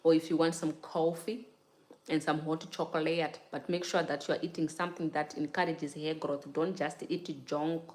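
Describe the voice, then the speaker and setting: A woman's voice: low-pitched, level tone, moderate pace, darkish tone, echoey room. Chatty woman vlogger talking hair care. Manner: chatty, laughs often, talks directly to viewers by name; repeats "you get it?" and "child". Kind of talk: casual livestream chat while taking down braids.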